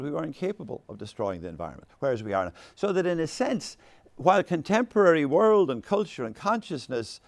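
A man in his sixties gives an animated, discursive lecture on faith, full of asides and anecdotes. His slightly high voice has vocal fry, and the recording is dry.

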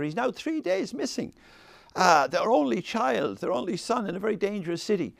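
A man leading a faith discussion with an audience, rambling and animated, laughing often and restarting his sentences. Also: sits high, gravelly, no room sound. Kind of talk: informal talk with audience questions.

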